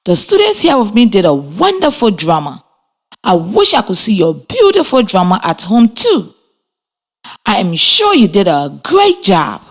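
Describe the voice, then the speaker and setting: Woman radio teacher for a children's lesson, slow and sing-song, spells out words patiently. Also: mid-range voice. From Liberia. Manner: slow, clear and encouraging, spells words letter by letter. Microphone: radio studio mic.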